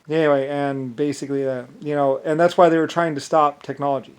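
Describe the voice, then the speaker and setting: A man's voice: a little high, flat delivery, fast, few pauses, smooth. A man talking in a rambling, repetitive monologue, breaking into short laughs. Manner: rambling and repetitive, stacking restarts.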